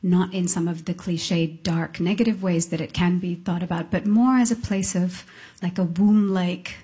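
A middle-aged woman musician, appearing as a guest, reflects thoughtfully in an on-stage interview before an audience, often restarting her sentences and laughing softly. Her voice is lowish, steady in tone and slightly rough.

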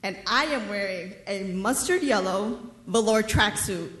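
A woman in her thirties from New York telling a personal story on a theater stage, measured and wryly funny. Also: mid-range voice, a bit bright. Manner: wry, measured storytelling with dry humor. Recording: roomy theater reverb.

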